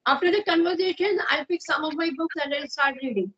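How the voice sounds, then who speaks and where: High-pitched Indian woman, agreeable talker. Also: fast, fairly bright tone. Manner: agreeable, lots of "yes" and "you know". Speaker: guest speaker. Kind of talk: casual conversation practice. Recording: muffled lo-fi audio.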